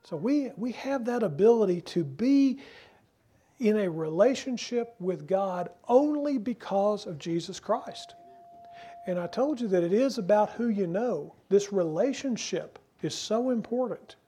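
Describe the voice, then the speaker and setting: A man preaching a sermon as pastor, earnest and emphatic, asking rhetorical questions and slowing down to stress key phrases. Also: high voice, animated, warm tone, breathy edge.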